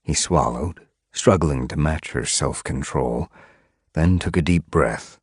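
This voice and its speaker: Male audiobook narrator, low and gravelly, dry close sound. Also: slow pace, no room sound. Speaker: audiobook reader.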